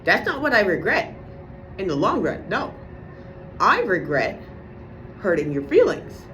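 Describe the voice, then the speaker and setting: A woman's voice: medium pitch, very animated, measured pace, a bit bright, slight background noise. Sarcastic lady ranting on her vlog, swears a lot, voice all over the place. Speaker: vlogger. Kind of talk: casual venting monologue.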